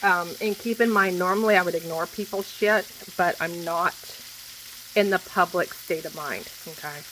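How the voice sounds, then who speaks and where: A woman in her forties venting in a casual monologue, blunt and quick to swear, repeating herself for emphasis. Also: lowish voice, a bit bright, rough recording. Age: 40s. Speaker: vlogger. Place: home kitchen while food cooks. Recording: faint frying noise behind. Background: food sizzling in a pan.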